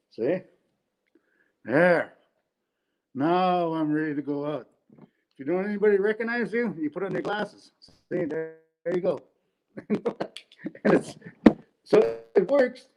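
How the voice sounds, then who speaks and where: Here a comedian from Canada, middle-aged, tells meandering stand-up stories on a webcam at home for an online event. The voice is high but darkish in tone, and the recording is rough. He keeps adding tag questions and chuckling at his own material.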